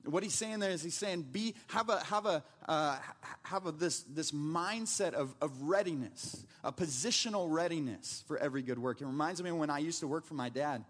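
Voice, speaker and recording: High-voiced conversational pastor preaching. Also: male voice, normal speed, hardly any pauses, fairly bright tone. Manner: conversational storytelling with frequent restarts. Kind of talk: sermon.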